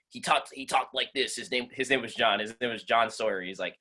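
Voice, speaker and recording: A man co-hosting a casual podcast, telling a story in a relaxed, halting way with fillers. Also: medium pitch. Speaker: podcast co-host.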